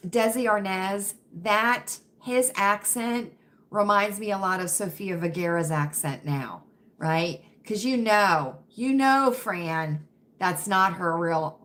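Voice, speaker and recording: A woman's voice: fairly low pitch, fairly bright tone. A woman from Virginia with a faint Southern accent, hosting a casual livestream and chatting with viewers, often checking in with "right?" and "you know what I mean?". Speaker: livestream host reading chat.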